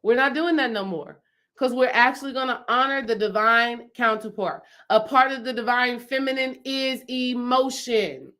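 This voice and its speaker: A woman with a slightly high voice coaches her viewers on spiritual matters in a loose, conversational way. She leans on repetition to drive points home and keeps checking in with her audience. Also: moderate pace, bright, forceful tone. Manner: emphatic, repeats phrases for stress; chatty, asks the audience questions. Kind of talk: casual spiritual teaching to viewers.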